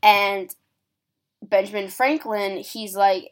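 A woman's voice: mid-range voice, slow. A woman talks through a history lesson in a casual, chatty way. She drops in "like" and acts out little quoted voices as she explains. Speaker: history presenter.

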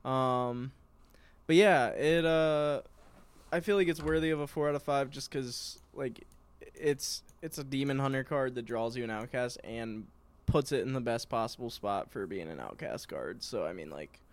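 A man's voice: mid-range voice, moderate pace. A man co-hosting a podcast in casual chat, often hesitant and trailing off. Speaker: podcast co-host. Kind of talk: casual card-review chat.

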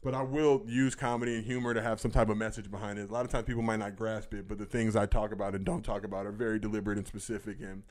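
Fast-talking blunt man, low voice. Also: little pitch movement. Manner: blunt and profane, lots of fillers. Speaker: podcast guest. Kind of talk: casual chat.

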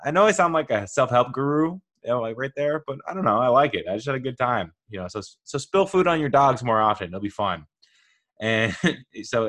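A man's voice: medium pitch, a bit bright. Playful rambling male podcast host. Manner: playful, self-mocking, rambling asides. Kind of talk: casual solo podcast monologue.

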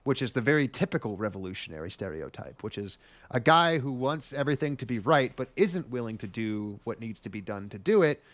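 A man's voice: mid-range voice, very animated, brisk, dry recording. Sweary, rambling male podcaster. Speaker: podcast co-host. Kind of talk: casual podcast chat.

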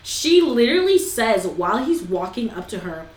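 A young woman co-hosting a casual chat, animated and swearing freely, acting out quotes. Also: a little high, normal speed. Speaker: podcast co-host. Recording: echoey room.

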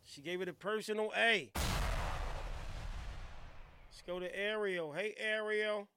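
A man's voice: sits high, measured pace, bright, forceful tone, a little hiss or hum. A man hosting a podcast, playful and teasing in slangy casual chat. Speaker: podcast host.

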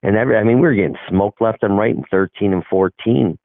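A man's voice: lowish voice, fast, vocal fry, dry recording. A middle-aged man, a hockey coach, telling a rambling story in casual talk and acting out the dialogue. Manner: rambling, acts out quoted dialogue. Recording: tinny phone-like line, dry.

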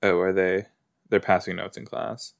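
A man's voice: low-pitched, flat delivery, normal speed, gravelly. A man hosting a reaction video, chatting casually and exclaiming and asking questions at the screen as he watches.

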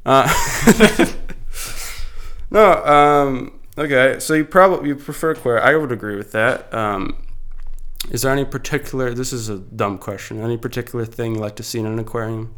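A man's voice: mid-range voice, normal speed, fairly bright tone, clean tone. A young man hosting a casual podcast chat, rambling with lots of fillers and restarts. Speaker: podcast host.

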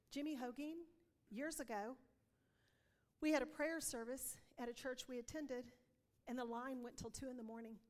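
A woman's voice: fairly high pitch, long reverb tail. A woman giving an earnest testimony sermon, telling stories and acting out dialogue. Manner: earnest storytelling, acts out dialogue. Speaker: preacher.

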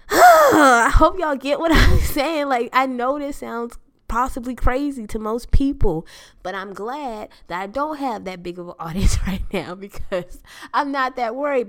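A young adult woman hosting a solo podcast, speaking in a casual, animated rant, laughing often. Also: on the high side. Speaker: podcast host.

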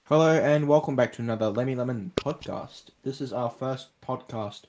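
A man's voice: medium pitch, normal speed, darkish tone, slight background noise. A young Australian man hosting a casual podcast, rambling and joking with lots of fillers. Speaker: podcast host.

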